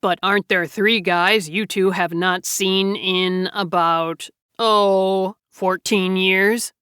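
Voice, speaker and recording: A woman reading the lines of a calm grown man in an audiobook, her voice slightly lowered and softened. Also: takes it slowly, clear, resonant tone, no room sound, studio quality. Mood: earnest. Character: grown man, calm, warm, bearer of news.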